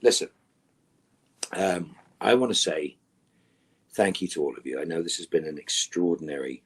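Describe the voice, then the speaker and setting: A man answering fan questions in a virtual Q&A, with dry, wry humor, often sinking to a soft murmur. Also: low-pitched, animated, normal speed, breathy edge. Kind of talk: virtual Q&A panel.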